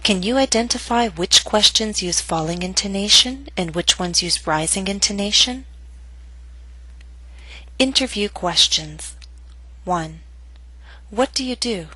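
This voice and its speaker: A woman teaching English pronunciation, reading lesson steps slowly and carefully and modeling each phrase. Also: mid-range voice, animated, pushed and bright, breathy edge, dry recording, rough recording. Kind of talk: slow, careful lesson narration.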